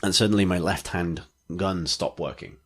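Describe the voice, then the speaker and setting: A man's voice: low voice, moderate pace, breathy edge. A man co-hosting a gaming podcast, talking in a rambling casual way full of "like" fillers. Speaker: podcast co-host. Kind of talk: casual chat.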